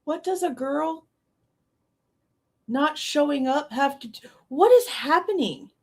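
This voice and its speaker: A woman's voice: high voice, lively intonation, slow pace. A woman hosting a live true crime stream, reacting with exasperated, sarcastic commentary, often laughing and swearing.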